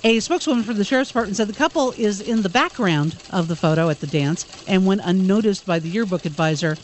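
A woman's voice: medium pitch, lively intonation, quick pace. A woman reads quirky news items on a chat show, stumbling over fillers as she goes. A faint hiss sits behind her voice. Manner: reads stories with hesitant fillers. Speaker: entertainment news reader. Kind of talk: news reading with casual asides.

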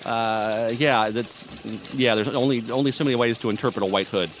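A male guest on a radio chat show talks quickly. He often hesitates and leans on fillers, and he mostly agrees with the host. A faint background hum runs underneath. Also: medium pitch, steady tone.

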